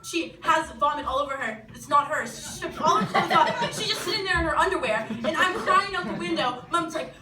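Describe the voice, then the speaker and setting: A young woman from New telling a funny personal story live, animated and laughing as she acts out what people said. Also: high voice, brisk, few pauses, a crowd in the background. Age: teens. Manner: animated, laughing, acting out quotes. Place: small venue. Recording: roomy, distant mic with background noise.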